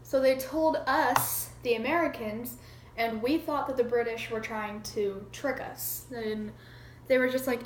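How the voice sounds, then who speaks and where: A woman's voice: a little high, steady tone, measured pace, reverberant, slight background noise, rough recording. A woman casually retelling a history lesson in a chatty, irreverent way, acting out quotes and swearing now and then. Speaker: amateur history explainer.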